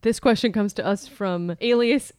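A woman co-hosting a podcast in casual chat, teasing and animated, laughing easily. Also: mid-range voice, moderate pace, clean tone, dry recording. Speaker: podcast co-host.

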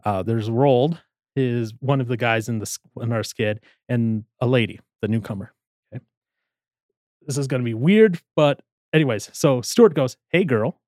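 A man's voice: medium pitch, normal speed, dry recording, studio quality. A man in casual chat, retelling a comedy scene and acting out the characters' lines. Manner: animated storyteller, acts out quoted lines.

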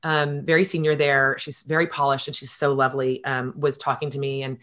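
A middle-aged woman telling stories in a casual interview, animated and quick, with many fillers. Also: a bass voice. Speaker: guest.

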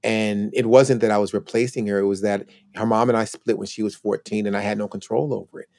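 Man, 60s, retired cop on a podcast, low voice, dry close sound, reflective storyteller. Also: fairly even intonation, a little fast, darkish tone, no room sound. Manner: reflective, acts out quoted family members. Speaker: podcast guest, retired police officer. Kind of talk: storytelling interview talk.

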